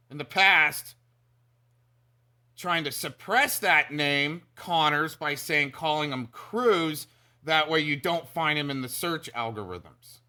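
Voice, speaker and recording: A man giving casual commentary on an online feud, talking in a slow, halting way and sometimes losing his words. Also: a little high, bright, forceful tone. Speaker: streamer narrating commentary.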